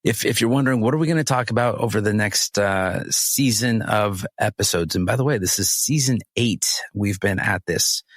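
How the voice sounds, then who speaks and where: A man's voice: on the low side, moderate pace, hardly any pauses, a bit bright, dry recording, studio quality. A man co-hosting a podcast who guides the conversation in an upbeat way and laughs easily. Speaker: podcast co-host.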